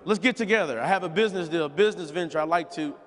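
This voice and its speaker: A man giving a folksy, animated sales training talk, acting out conversations and repeating key phrases. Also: on the high side, fast. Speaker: business opportunity trainer. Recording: long hall reverb, live event.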